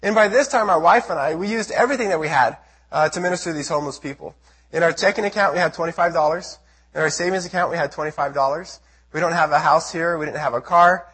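A man from the United States giving an earnest testimony sermon to a church as a missionary speaker, telling his story with a husky voice. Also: a little high, quick pace, fairly bright tone. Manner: earnest storytelling, acts out his own prayers and quotes.

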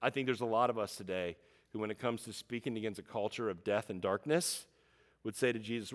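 A man preaching a sermon, animated, acting out quotes and swinging from loud emphasis to hushed asides. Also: lowish voice, moderate pace. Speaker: pastor.

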